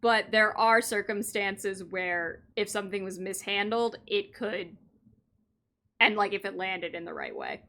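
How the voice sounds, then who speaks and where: A woman's voice: medium pitch, big pitch swings, measured pace, pushed and bright. A woman streaming a game, chatting casually with viewers and giggling as she comments on the scene.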